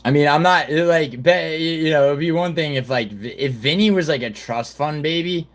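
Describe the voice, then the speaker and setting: A man's voice: on the high side, normal speed. Rambling, profane man streaming live. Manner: rambling and profane, heavy fillers and restarts; reads news reports aloud. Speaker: livestream host. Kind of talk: casual livestream chat.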